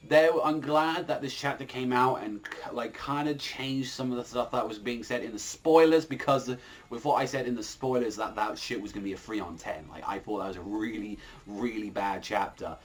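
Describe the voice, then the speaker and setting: A man's voice: medium pitch, normal speed. A man reviewing a manga chapter in a casual, rambling way, full of fillers and swearing.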